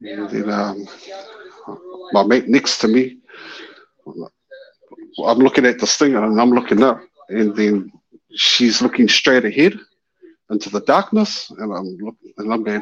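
A man's voice: medium pitch, measured pace, gravelly, long pauses, slightly rough. Man telling a story over a dull line. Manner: animated, acts out the voices in his story. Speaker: caller. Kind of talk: casual storytelling. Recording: dull lo-fi call-in audio.

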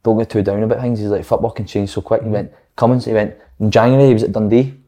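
A young man with a Scottish accent rattles through his stories at a quick clip, his voice dark and mellow. He swears freely and acts out what others said to him in a loose, casual chat. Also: on the low side, fairly even intonation. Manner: swearing, story-telling with quoted dialogue. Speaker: footballer guest.

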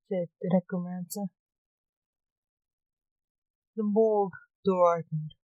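A woman reading her own short story aloud for a podcast, measured and plain. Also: medium pitch, little pitch movement, warm tone, dry recording, low-quality recording.

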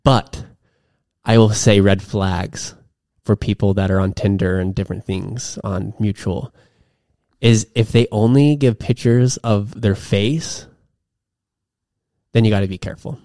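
A man's voice: fairly low pitch, fairly even intonation, unhurried, pauses often, warm tone, no room sound, clean studio sound. A young man co-hosting a podcast, talking casually in a rambling way with many restarts. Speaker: podcast co-host. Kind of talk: casual chat.

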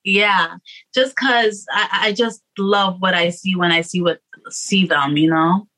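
A woman's voice: on the low side, fairly even intonation, unhurried, sharp tone, low-quality recording. A young woman singer, a guest, chatting casually and hesitantly, with many restarts and fillers. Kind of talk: casual interview chat.

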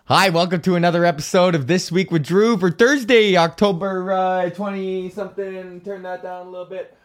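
A man's voice: sits high, fairly even intonation, moderate pace. A man hosting his own podcast, talking in a rambling, profane, self-mocking way. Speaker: podcast host. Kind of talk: casual solo podcast rant.

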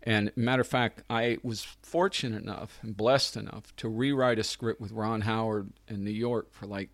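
A man's voice: on the low side, moderate pace, no room sound. A middle-aged man, a film writer and director, telling stories in a casual interview with lots of laughter and acted-out voices. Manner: animated, acts out quoted people, laughs often. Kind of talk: casual anecdotal storytelling.

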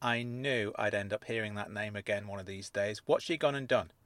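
A man voicing a sharp-tongued middle-aged woman fraudster who speaks in a measured, wry way. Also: on the low side, dry recording, natural voice. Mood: guarded.

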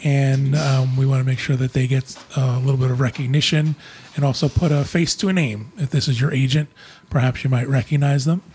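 A man hosting a casual travel podcast, friendly and relaxed as he wraps up the show. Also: medium pitch, a little fast, a little hiss or hum. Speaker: podcast host, travel agent.

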